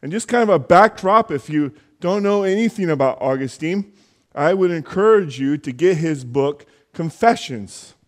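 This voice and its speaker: A male pastor preaching a sermon in a conversational, earnest way, with frequent fillers, dropping to a hushed voice when praying. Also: on the high side, animated, normal speed. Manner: soft hushed prayer voice.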